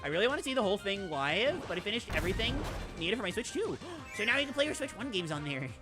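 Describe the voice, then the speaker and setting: A woman chats her way through a game stream, rambling and poking fun at herself as she answers chat. Her voice swings widely up and down in pitch. Game music plays clearly behind her. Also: sing-song, quick pace. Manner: rambling, chatty and self-mocking, reacting to chat. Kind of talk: casual live-stream chatter while playing a video game.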